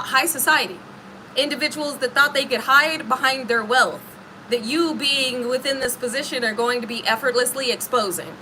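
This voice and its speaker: A woman's voice: on the high side, sharp tone, slight background noise, rough recording. A woman giving an emphatic, slangy tarot reading directly to her viewers. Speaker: tarot reader.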